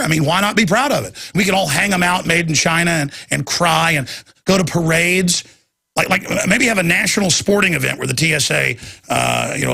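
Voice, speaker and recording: A man's voice: a little high, gravelly, sharp tone, husky. A middle-aged man hosting a talk radio show, delivering a heated, ranting monologue with mocking asides.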